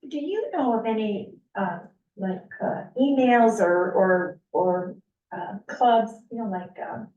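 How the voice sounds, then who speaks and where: A woman's voice: mid-range voice, lively intonation, takes it slowly, warm tone, lo-fi sound. A woman in the audience asking a question hesitantly, searching for words. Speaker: audience member. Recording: echoey room from far off with light noise.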